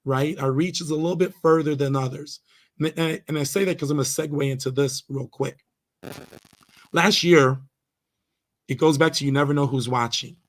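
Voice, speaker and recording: Earnest man telling stories on a podcast. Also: a little high. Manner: earnest, hesitant with many fillers and restarts. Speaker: podcast guest, karate instructor. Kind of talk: casual storytelling interview.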